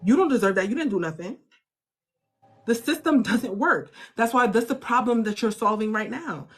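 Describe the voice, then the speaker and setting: Husky woman coaching with fiery energy. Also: fairly high pitch, moderate pace, soft background music. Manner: animated, preachy, slangy and motivational. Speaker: host. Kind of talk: casual coaching chat.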